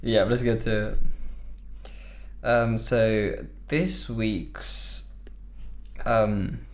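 A young man co-hosting a podcast in casual chat, relaxed, swearing freely and laughing often. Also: lowish voice, very slow. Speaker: podcast co-host.

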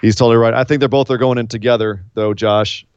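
A man's voice: mid-range voice, fairly even intonation, fast talker, smooth, no echo. A man co-hosting a podcast, chatting casually and recapping events in a rambling, playful way. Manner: rambling, playful, fond of doing impressions. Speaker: podcast co-host. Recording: slightly dull lo-fi sound.

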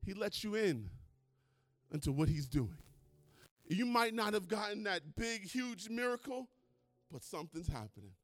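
A man preaching a sermon at a church service, excitable and swinging from hushed talk to shouting as he retells stories. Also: sits high, unhurried, pauses often, no echo, soft background music. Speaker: pastor.

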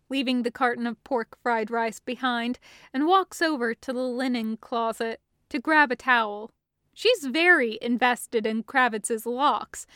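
A woman narrating a fan-fiction story as an audiobook reading, in a steady, even storytelling manner. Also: sits high, clear, resonant tone, no echo, studio quality.

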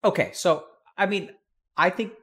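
A man's voice: high voice, a little slow, a bit bright. A man giving blunt, casual advice in conversation, swearing freely and acting out the people in the stories he tells.

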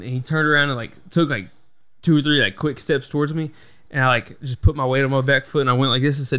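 A man's voice: mid-range voice, fairly even intonation, fast talker, a bit bright, smooth. A man in casual podcast chat, telling stories from his job, swearing freely and acting out what people said. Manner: swears freely, tells stories with acted-out quotes. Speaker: podcast host.

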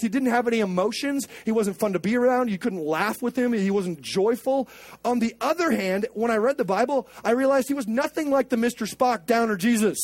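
A man's voice: high-pitched, darkish tone, dry recording. A male pastor preaching in a casual, joking style full of slang.

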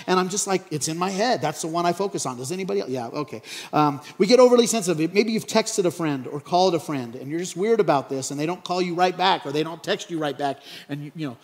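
A man's voice: fairly high pitch, lively intonation, fast. A man preaching a sermon, playful and conversational, acting out little scenes in funny voices. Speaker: pastor. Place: large church hall. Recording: echoey church hall.

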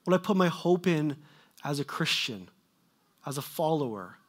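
Delivering a sermon at a moderate pace, a preacher speaks in a fairly high, animated voice with a breathy edge. Booming, emphatic questions give way to soft remarks that fade off.

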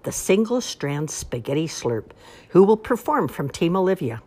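A woman voicing a showy grand marshal in a storybook read-aloud, loud and theatrical, announcing the contest. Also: fairly low pitch, sing-song, moderate pace, breathy edge, pitched above the performer's own voice.

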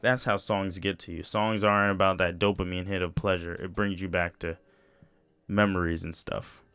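A man's voice: sits low, flat delivery, moderate pace, a bit bright, smooth, no room sound. A young man hosting a solo podcast, talking casually in a rambling, profane way with lots of "you know" and restarts. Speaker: podcast host.

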